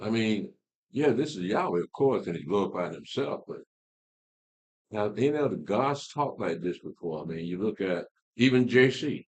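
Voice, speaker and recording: Deep husky man teaching Bible class. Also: expressive, normal speed, darkish tone. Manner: conversational, rhetorical questions, repeats words. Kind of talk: casual teaching talk.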